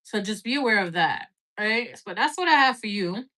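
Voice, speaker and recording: A woman's voice: mid-range voice, animated, moderate pace, pushed and bright. A woman giving a casual live-stream tarot reading, chatty and loose, peppering her talk with "like" and "right?" and the odd swear word. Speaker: tarot reader.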